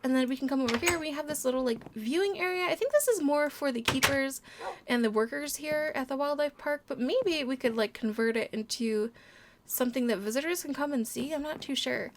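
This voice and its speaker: Woman, high voice, let's play host, casual gameplay commentary, bubbly, giggly, cooing. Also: brisk, a little hiss or hum.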